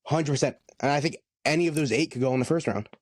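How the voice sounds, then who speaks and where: A man's voice: fairly high pitch, fast talker, slightly rough, no room sound, clean studio sound. A man co-hosting a sports podcast in casual chat, laid-back and agreeable, his voice still worn from being sick. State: recovering, voice worn from illness. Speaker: podcast co-host.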